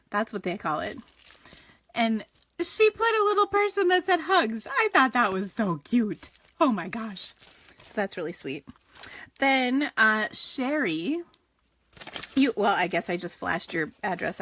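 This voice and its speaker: A woman's voice: medium pitch, a bit bright, breathy edge. Chatty gushing woman hosting a craft stream. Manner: chatty and gushing, many fillers and restarts. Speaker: craft show host. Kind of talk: casual live-stream chat.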